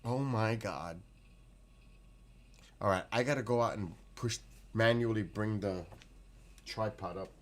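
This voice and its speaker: A man hosting a casual livestream from his backyard at night, excitable, exclaiming and laughing often as he reads the chat. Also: lowish voice, measured pace, long pauses, slight background noise. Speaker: livestream host.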